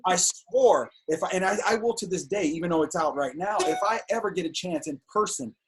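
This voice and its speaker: A middle-aged man, a filmmaker guest on an interview show, telling animated, indignant stories in casual talk. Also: high-pitched, fairly quick, slightly rough. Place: home on a video call.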